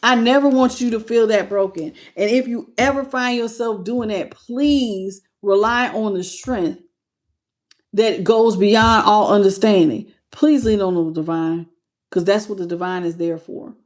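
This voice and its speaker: A woman's voice: medium pitch, a little slow. A woman hosting a spiritual tarot channel, talking earnestly and casually to her viewers. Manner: earnest and intimate, with loose casual phrasing. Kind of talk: casual livestream talk to viewers.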